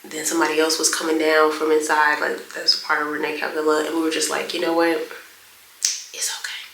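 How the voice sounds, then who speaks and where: A woman's voice: sits low, completely flat delivery, quick pace, gravelly, bright, forceful tone, slight background noise. Chatty woman vlogging in an echoey room. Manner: chatty, laughing asides. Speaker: fashion vlogger. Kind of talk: casual vlog update to camera.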